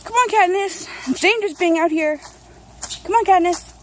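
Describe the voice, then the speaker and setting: A young mother with a very high voice vlogs outdoors at home at normal speed, with slight background noise. She holds the handheld camera one-handed and rambles chattily with lots of fillers, laughing often and cooing at her children.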